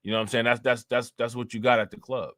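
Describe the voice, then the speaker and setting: A man's voice: mid-range voice, flat delivery, fast, a bit bright, no echo. A young man commenting casually on a livestream and reading out chat comments, with lots of fillers and repeated words. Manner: loose and conversational, fillers and repeats.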